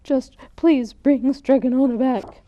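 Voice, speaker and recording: A woman voicing a clumsy, impulsive young man disguised as a girl apprentice, speaking loudly and excitedly, pleading, in a dull lo-fi recording. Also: high voice, unhurried, voice pushed up.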